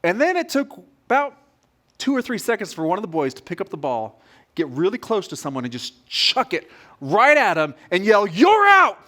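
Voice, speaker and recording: A man preaching a sermon as pastor, telling a story in an animated, direct way. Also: high-pitched, moderate pace.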